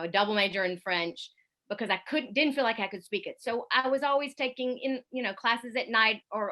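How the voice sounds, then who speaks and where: Bright-voiced Southern American woman. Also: on the high side. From South Carolina, USA. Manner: chatty, self-deprecating, many fillers and restarts. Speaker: guest speaker, radio correspondent. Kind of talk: casual talk to a student audience.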